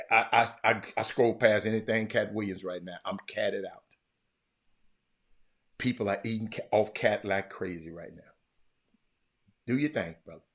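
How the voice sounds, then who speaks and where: A man hosting a casual sports commentary talk, telling a story animatedly and getting loud when he quotes others. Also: lowish voice. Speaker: podcast host.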